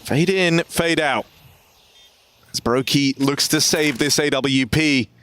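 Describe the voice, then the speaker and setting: A man calling esports play-by-play, rapid and excited. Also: fairly high pitch, slight background noise. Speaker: play-by-play caster. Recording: game gunfire behind.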